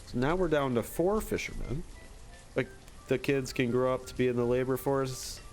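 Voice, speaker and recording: A man's voice: mid-range voice, normal speed, darkish tone, faint music behind. A man with a Michigan accent, rambling and chuckling as he talks to viewers during casual gameplay commentary. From Michigan, USA. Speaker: streamer.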